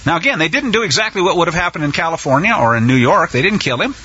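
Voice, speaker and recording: A male preacher delivering a sermon, retelling a story with sarcastic, animated commentary. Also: a little high, racing, husky, dull audio.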